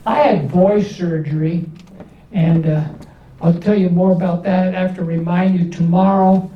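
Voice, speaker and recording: An older man works through a stand-up set at an unhurried pace, pausing before each punchline. His voice rings through a large, echoey hall. It is picked up from far off, with a faint hiss underneath. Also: sits high, steady tone, dull audio. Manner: slow one-liners with pauses before punchlines. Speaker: stand-up comedian. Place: large indoor event hall. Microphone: distant camera from the back of the room.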